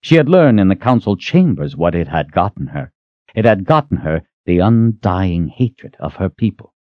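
Low, lively male audiobook narrator. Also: moderate pace, dry recording. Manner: expressive storytelling. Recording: dull, dry lo-fi recording.

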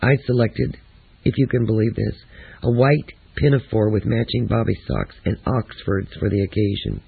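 A man narrating a first-person memoir in a steady, reflective reading. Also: on the low side, moderate pace, vocal fry, husky, dry recording. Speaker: audiobook narrator. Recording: tinny, lo-fi phone-like audio.

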